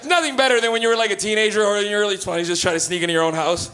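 High-voiced, swearing comic on stage. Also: male voice, rapid-fire. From Canada. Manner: loud, profane, storytelling with acted-out voices. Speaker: stand-up comedian. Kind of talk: stand-up comedy set. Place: comedy club stage. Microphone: handheld stage mic.

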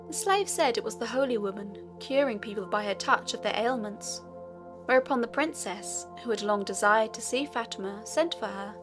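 A woman narrating a fairy tale audiobook in an even, measured storytelling manner. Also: on the high side. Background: faint music.

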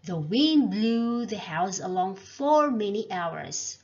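A woman narrating a storybook read-aloud in a slow, clear reading manner. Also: medium pitch, very animated, a little mellow, dull audio.

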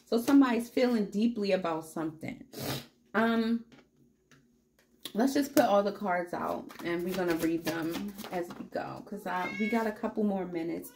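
A woman's voice: mid-range voice, slight background noise. A woman giving a casual tarot reading, upbeat and encouraging, chatting straight to her viewers, with a cat meowing in the background. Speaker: tarot reader.

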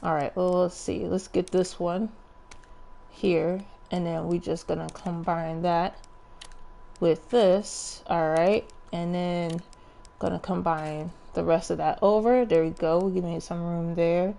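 A young adult woman telling a story with animated, profane energy and lots of restarts while she plays a game. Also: lowish voice, takes it slowly, gravelly. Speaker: gaming streamer. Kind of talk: casual storytelling while playing.

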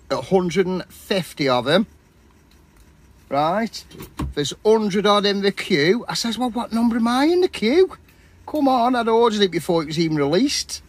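A man chatting casually and matily while cooking outdoors at a campsite. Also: a little high. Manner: chatty, matey, rambling. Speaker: vlogger.

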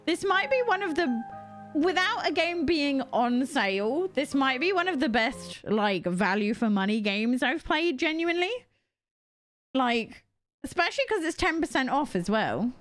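A woman's voice: high-pitched, big pitch swings, measured pace, fairly bright tone, faint music behind. A young British woman streaming a cozy game, chatting casually with viewers in a giggly, self-mocking way. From Britain. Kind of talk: casual gameplay chat with chat readers.

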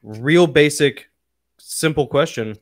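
A man hosting an interview, asking thoughtful questions in a measured way. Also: on the high side. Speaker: host.

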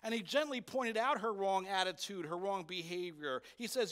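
Brief: male pastor with a high voice, preaching emphatically and posing rhetorical questions to the congregation in church. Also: moderate pace, hardly any pauses, a bit bright. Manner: emphatic, repeats key points for effect. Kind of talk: sermon.

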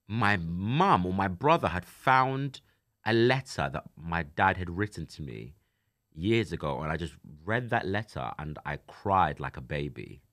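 Man in his twenties, show host, lively ups and downs, lowish voice, casual solo chat. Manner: animated, laughs easily, turns soft and emotional when talking about grief. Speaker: podcast host. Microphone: studio microphone.

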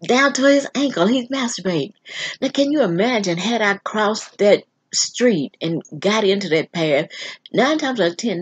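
A woman telling a personal story on her vlog in an earnest, halting way, often restarting. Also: mid-range voice, slightly rough. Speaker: vlog host.

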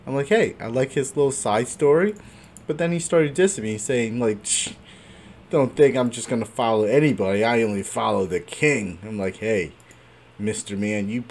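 A man hosting a gaming channel, giving casual commentary on his own gameplay, excitable and laughing often. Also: mid-range voice.

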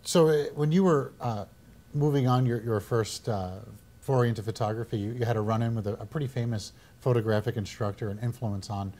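A man hosting a studio interview, asking questions in a halting way, searching for words. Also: mid-range voice, dark tone. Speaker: interviewer, host.

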